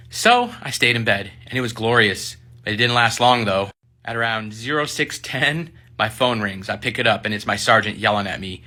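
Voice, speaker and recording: A man, a military service member, casually telling a personal story in an animated way, acting out the people he quotes. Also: lowish voice, moderate pace. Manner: animated, acts out quoted voices.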